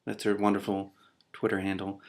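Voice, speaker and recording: Man reading aloud, excitable asides, slightly low voice. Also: brisk. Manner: excitable, self-mocking asides. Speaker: book reader and commentator.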